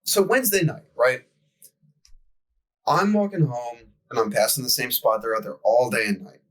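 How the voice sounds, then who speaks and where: A young man with a husky voice, cursing freely while he rants through a story in casual podcast chat. He talks like a podcast co-host venting to a friend. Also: medium pitch, moderate pace, fairly bright tone, low-quality recording. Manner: profane ranting storyteller.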